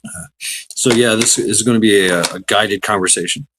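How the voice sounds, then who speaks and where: Low-voiced, rambling middle-aged livestream host. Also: male voice, normal speed, noisy background. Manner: rambling, many fillers, greets chat by name, bursts of excitement. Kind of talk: casual livestream chat.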